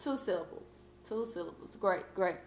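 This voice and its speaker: A woman teacher leading a vocabulary lesson, patient and encouraging, reading clues out slowly. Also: lowish voice, animated, roomy sound, heavy background noise. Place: classroom.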